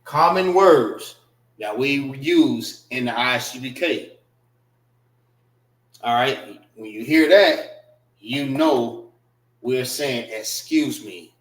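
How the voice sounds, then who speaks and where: A man leads a classroom language lesson, speaking at an unhurried pace and drilling each word over and over, spelling it out. His tone is casual and plain. The sound carries the roomy echo of a classroom. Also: mid-range voice. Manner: casual, repeats and spells out words slowly. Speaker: class instructor.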